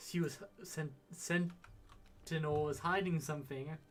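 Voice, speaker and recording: A man's voice: fairly high pitch, fairly even intonation, a little slow, background noise. A man joking around while commenting casually on a game he plays with a friend. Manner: joking, goofy. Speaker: let's play gamer.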